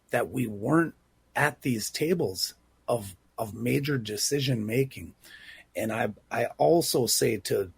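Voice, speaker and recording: Heard on a talk radio interview, a guest from Bad River, Wisconsin, who works as a civic engagement manager, speaks with earnest, heartfelt conviction. His mid-range voice is slightly rough and a little mellow, and the recording is dry.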